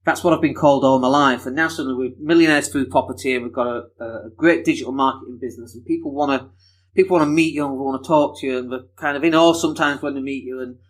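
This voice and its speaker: Chatty podcast host. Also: male voice, medium pitch, fairly even intonation, fast. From Leeds, England. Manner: chatty, enthusiastic, self-deprecating, laughs often. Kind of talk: casual solo podcast monologue.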